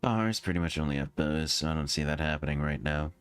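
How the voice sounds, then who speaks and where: A man's voice: rumbling low, fairly quick, clean tone. A man reading a game aloud with a friend, dry and offhand. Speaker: co-reader.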